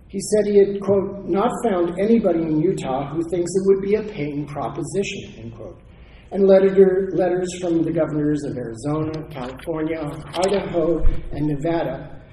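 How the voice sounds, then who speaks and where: Man from Oregon, historian lecturing at a conference, mellow voice, measured and scholarly, recorded in a reverberant hall with faint hiss. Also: on the high side. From Oregon, United States. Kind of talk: academic conference talk. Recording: echoey hall, faint noise.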